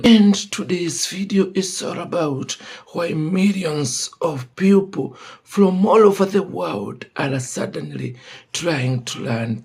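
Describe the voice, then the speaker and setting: A man's voice: a little high, gravelly, a little mellow, slightly rough. A man hosting a video channel, narrating a script and urging viewers to subscribe. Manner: hyped, pleading for subscriptions. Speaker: channel host.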